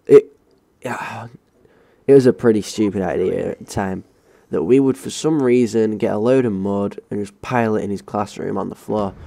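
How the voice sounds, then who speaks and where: A young Englishman with a low, gravelly voice telling a school story over gameplay. He sounds dark and mellow in tone, and his delivery is casual, rambling and sweary. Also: a little hiss or hum. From England. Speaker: gaming channel host.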